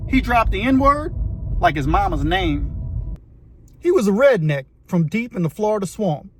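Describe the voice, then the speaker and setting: A channel host with a high, very animated voice tells a story emphatically, speaking directly to the viewer. He keeps a measured pace, and there's a little hiss or hum in the recording.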